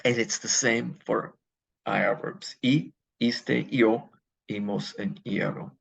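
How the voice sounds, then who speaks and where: Gravelly man teaching a grammar lesson. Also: fairly low pitch, fairly even intonation, takes it slowly, rough recording. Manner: explains step by step, asks questions and answers them himself. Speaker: Spanish teacher.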